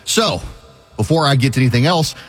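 A man's voice: mid-range voice, lively intonation, a little fast, husky, faint music behind. A middle-aged man hosting a call-in radio show, slightly out of breath, talking in a rambling way with wry asides. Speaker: radio talk show host.

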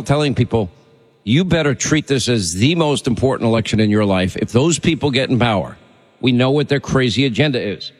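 A male talk radio host who speaks forcefully and urgently, piling up lists to rally listeners. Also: medium pitch, long reverb tail.

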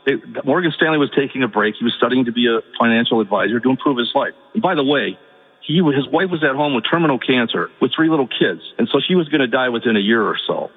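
A male caller telling an emotional story on a talk radio show, halting and repeating words, rising to pleading. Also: medium pitch, husky. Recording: tinny phone line with long reverb.

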